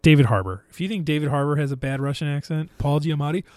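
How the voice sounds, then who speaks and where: A talkative man recapping films in a loose, rambling way, restarting sentences as he goes. His voice sits a little high for a man. The sound is dry and close, with no room around it. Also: fast talker, darkish tone, dry recording. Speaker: podcast co-host. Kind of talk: casual movie chat.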